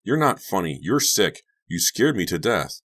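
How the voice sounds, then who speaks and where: A man's voice: deep voice, sing-song, moderate pace, pitched above the performer's own voice, exaggerated voice. A man doing an angry teenage babysitter girl. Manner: sharp, insistent. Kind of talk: audiobook character voice.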